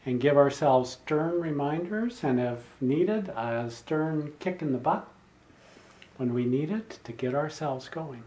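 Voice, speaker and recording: A man's voice: a little high, lively intonation, slow, mellow. An older man, a spiritual teacher, giving an earnest sermon and repeating key phrases for emphasis.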